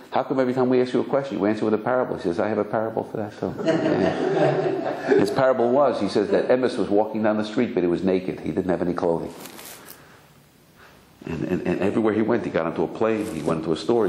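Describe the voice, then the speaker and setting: Animated storytelling rabbi in an echoey room. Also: male voice. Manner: animated storyteller, acts out characters with sudden high cries. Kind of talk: storytelling Torah lecture.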